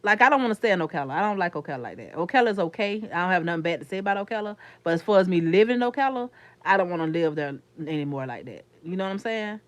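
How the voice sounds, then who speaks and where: With lively intonation and a racing pace, a low-voiced woman from Florida rambles casually to her livestream chat. This YouTuber has a Florida accent and calls viewers honey and sugar; there's no room sound.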